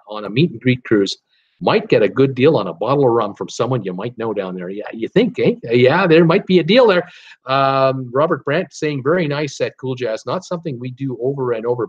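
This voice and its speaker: A chatty man hosts a casual live stream, reading viewer comments aloud and riffing on them with plenty of fillers. His voice sits at a medium pitch. The audio is slightly dull and lo-fi. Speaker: livestream host reading viewer chat.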